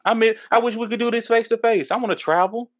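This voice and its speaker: A man from Texas in his thirties, hosting a podcast, talking politics in a loose, profane way and going high when he gets worked up, a little tipsy from drinking. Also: steady tone, fast. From Texas, USA. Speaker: podcast host. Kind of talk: casual political chat.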